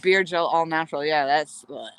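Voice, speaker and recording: A woman from New England chats through a casual fishing vlog in a bright, crisp voice. She talks playfully and laughs easily, speaking outdoors by a river. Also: low voice, normal speed, no echo. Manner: playful, chatty, laughs often. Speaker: vlogger.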